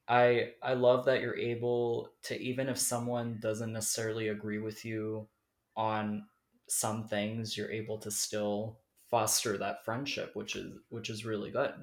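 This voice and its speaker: A man hosting a podcast interview, offering supportive comments and frequent backchannels. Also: lowish voice. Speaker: podcast host. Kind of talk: interview chat. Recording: echoey room.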